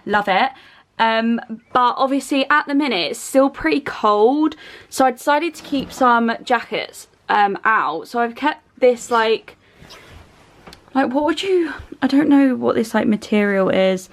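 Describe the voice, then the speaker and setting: Young English woman vlogger, slightly higher voice, relaxed rambling delivery full of fillers. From England. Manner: chatty, rambling with many ums and likes. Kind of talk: casual chat to camera.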